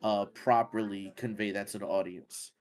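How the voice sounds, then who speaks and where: A man's voice: on the low side, normal speed. A man co-hosting a casual gaming podcast, rambling with many fillers and restarts. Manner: rambling, filler-heavy, animated when excited. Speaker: podcast co-host.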